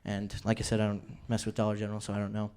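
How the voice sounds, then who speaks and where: A man's voice: fairly low pitch, completely flat delivery, very fast, darkish tone, smooth. A man in his twenties doing a rambling, self-deprecating stand-up routine on a comedy club stage. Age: 20s.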